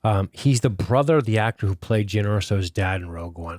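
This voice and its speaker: A man's voice: lowish voice, expressive, fairly quick, a little mellow, no echo, studio quality. A man co-hosting a podcast, chatting casually and joking sarcastically. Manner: joking, sarcastic, swears freely. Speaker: podcast co-host. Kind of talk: casual chat.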